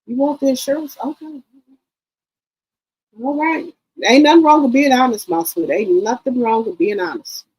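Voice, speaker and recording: A woman in her sixties hosting a casual live stream, reading viewer comments aloud in an animated, profane way and repeating herself. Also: high-pitched, normal speed, long pauses, breathy edge, rough recording. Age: 60s.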